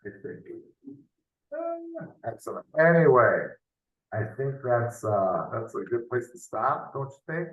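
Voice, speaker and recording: During a loose, unscripted math tutoring session on a video call, a man thinks out loud and often closes with tag questions. His medium-pitched voice swings hugely in pitch and is a little slow, and the recording is muffled, roomy and off-mic.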